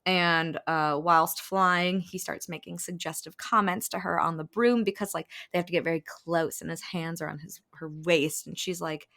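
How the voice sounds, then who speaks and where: A woman's voice: fairly low pitch, fairly even intonation, moderate pace, creaky, hardly any pauses, bright, forceful tone. A woman co-hosting a podcast, retelling a book plot in a chatty, profane way, full of "like" and bursts of laughter. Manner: chatty, profane, filler-heavy with frequent "like". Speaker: podcast co-host. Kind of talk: casual chat.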